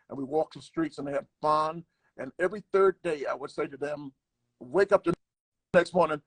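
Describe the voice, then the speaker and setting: A man's voice: fairly high pitch, gravelly, breathy edge, dry recording. An older man, a comedian, telling a travel story in casual conversation, acting out the people he quotes. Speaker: guest comedian.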